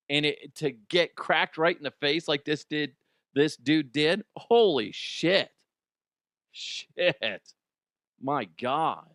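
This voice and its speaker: A man's voice: a little high, fairly bright tone, no room sound, clean studio sound. A middle-aged man hosting a casual sports podcast, joking and swearing freely and laughing often. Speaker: podcast host. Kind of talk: casual solo sports chat.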